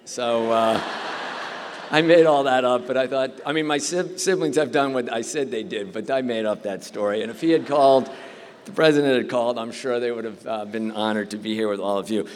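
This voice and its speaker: A man's voice: medium pitch, brisk. Middle-aged guy giving a graduation speech, jokey stories, medium voice, echoing hall. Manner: joking storyteller, self-deprecating. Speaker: commencement speaker. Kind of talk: commencement speech. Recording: long reverb of a large hall.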